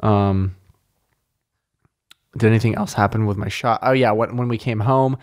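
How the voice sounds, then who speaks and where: A Canadian man hosting a podcast in casual chat, rambling and excitable, with heavy swearing. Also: lowish voice, moderate pace. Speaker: podcast host.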